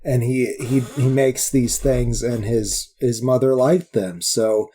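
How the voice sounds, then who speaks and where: Slow, mellow-voiced man chatting films. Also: mid-range voice, steady tone, husky. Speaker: podcast co-host. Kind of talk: casual film discussion.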